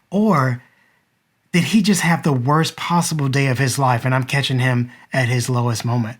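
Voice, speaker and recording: Man, 30s, earnest, reflective, addressing the viewer, mid pitch. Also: normal speed. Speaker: vlogger and father. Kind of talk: personal storytelling to camera.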